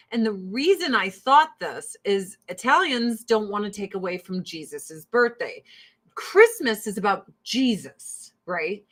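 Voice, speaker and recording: A woman's voice: mid-range voice, lively intonation, slow, a bit bright. A woman in her forties, chatting casually and bluntly with lots of swearing as she does her skincare at home, talking close to a streaming mic. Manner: profane and blunt, breaks into laughs. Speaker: vlogger. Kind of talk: casual chat during a skincare routine. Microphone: streaming mic close to the camera.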